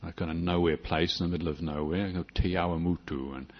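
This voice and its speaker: A man's voice: low voice, steady tone, quick pace. An older man, a Buddhist monk giving a reflective dharma talk with frequent restarts and light humor. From New Zealand. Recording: dull lo-fi recording.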